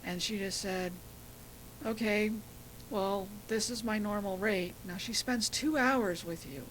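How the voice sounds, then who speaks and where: A middle-aged woman telling a personal story as a guest, animated, acting out the voices of people she quotes. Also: mid-range voice, a little slow, slight background noise, poor audio.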